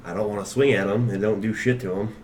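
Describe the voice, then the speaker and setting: A man's voice: lowish voice, fairly even intonation, fast, a little mellow, slight background noise. A man playing a tabletop game, talking hesitantly in casual chat. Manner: hesitant, full of "like" and "I mean". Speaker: player.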